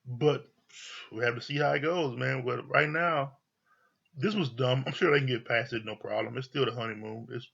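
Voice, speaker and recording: Gravelly man recapping a reality show. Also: mid-range voice, moderate pace, lo-fi sound. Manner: blunt, swears freely, animated retelling. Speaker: TV show reviewer. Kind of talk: casual recap commentary.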